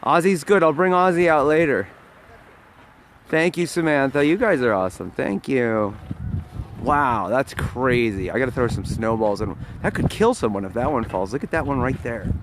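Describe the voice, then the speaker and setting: A man's voice: medium pitch, lively intonation, normal speed, background noise. A man with a New York accent hosting a casual live stream from his phone, outdoors on a snowy street, joking with viewers and cold. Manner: joking, chatty, talking to viewers while walking in snow. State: cold, freezing. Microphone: phone held in hand.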